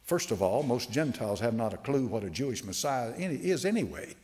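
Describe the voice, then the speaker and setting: A male pastor preaches with a lively, swinging pitch. He stretches out quoted scripture slowly for emphasis, and his everyday explaining is loose, with fillers and restarts. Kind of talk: sermon.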